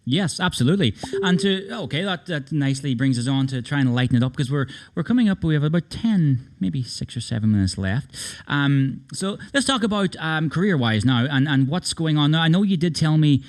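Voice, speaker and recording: A man hosting a live-stream interview, talking in an earnest, measured, agreeable way. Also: on the high side, lively intonation. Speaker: host.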